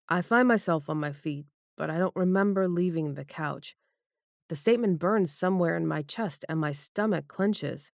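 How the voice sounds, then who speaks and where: A woman with a lowish voice narrating a romance audiobook in the first person. Her reading is intimate and expressive. The close studio mic leaves the sound fully dry. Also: moderate pace, creaky, dry recording.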